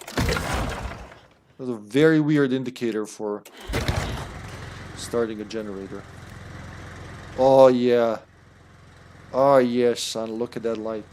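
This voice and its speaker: A man's voice: mid-range voice, fairly even intonation, takes it slowly, long pauses, noisy background. A man streaming a video game, chatting casually and rambling with lots of fillers and restarts. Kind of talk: casual gameplay commentary.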